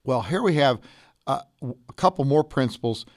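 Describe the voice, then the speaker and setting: A man's voice: mid-range voice, lively intonation, moderate pace, dry recording, clean studio sound. A man co-hosting a podcast who sums up leadership principles in an upbeat, coaching way. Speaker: podcast co-host. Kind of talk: coaching commentary.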